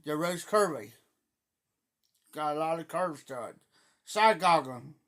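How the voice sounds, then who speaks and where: Slow high-voiced man with an Appalachian accent. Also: animated, a bit bright. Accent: southern Ohio Appalachian. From Ohio. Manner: folksy and rambling, greets viewers by name. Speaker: livestream host. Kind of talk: casual chat.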